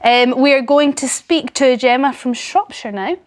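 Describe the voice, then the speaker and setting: A woman's voice: sits high, moderate pace. A woman co-presenting on TV, chatty and giggly as she reads viewer messages. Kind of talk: casual studio chat.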